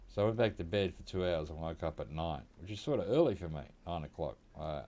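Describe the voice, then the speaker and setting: Australian bloke chatting while he plays, deep voice, relaxed and rambly, chuckles a lot. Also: fast. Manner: laid-back, rambling, chuckling often. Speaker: game streamer. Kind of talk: casual gameplay commentary. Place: at home.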